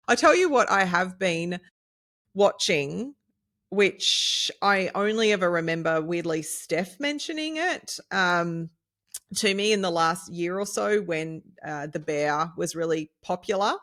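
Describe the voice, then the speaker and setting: A woman's voice: lowish voice, lively intonation, slow, a bit bright. A woman co-hosting a nutrition podcast, chatting in an encouraging way and laughing often. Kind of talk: casual chat.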